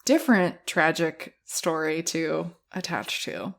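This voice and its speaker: A woman guesting on a podcast, talking about films in a lively, casual way and laughing easily. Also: sits low, creaky. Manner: lively, quick to laugh, acts out quotes. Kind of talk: casual film discussion.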